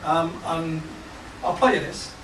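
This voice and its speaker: A man leading a songwriting workshop for a small group, talking in a relaxed, halting way with plenty of ums and restarts. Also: on the high side, distant mic. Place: large hall with a small group. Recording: echoey room, picked up from afar, noisy.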